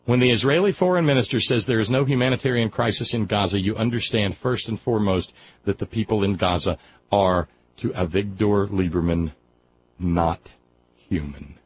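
A man's voice: lowish voice, moderate pace, a little hiss or hum. A man hosting call-in talk radio, speaking in an impassioned, emphatic way and often restarting his sentences. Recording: dull lo-fi radio broadcast.

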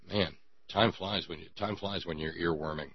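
A man's voice: low voice, steady tone, a little slow, slightly rough, dry recording, dull audio. A man hosting a talk radio show, giving sarcastic commentary with sighs and stammered repeats.

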